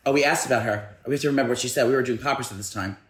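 A man's voice: mid-range voice, rapid-fire. Male co-host, casual storyteller, loose and rambling, lots of restarts. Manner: rambling, animated anecdote with frequent restarts. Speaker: podcast co-host.

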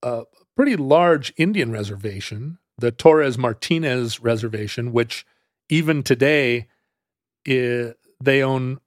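In a clean studio recording with no echo, a male podcast co-host with a mid-range voice explains history at an unhurried pace. His casual, conversational storytelling rambles, full of restarts and fillers.

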